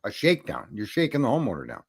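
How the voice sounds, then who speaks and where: A man's voice: mid-range voice, wildly swooping pitch, quick pace, husky. A man hosting a live stream, chatting and telling stories in a blunt, profane, rambling way. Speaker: stream host. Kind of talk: casual chat.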